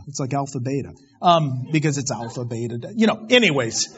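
Husky man preaching a sermon, higher voice, emphatic, muffled recording. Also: lively intonation, normal speed. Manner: emphatic, swings between loud declarations and quiet asides. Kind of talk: sermon on Revelation.

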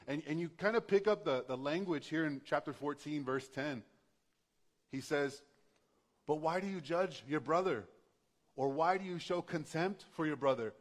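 A male pastor preaching a sermon in a conversational, passionate way, building to emphatic bursts. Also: on the high side.

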